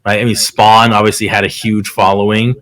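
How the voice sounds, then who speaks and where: Podcast co-host, man, lowish voice, laid-back and agreeable. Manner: relaxed, drawn-out phrasing, agreeable, lots of "you know what I mean". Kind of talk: casual chat.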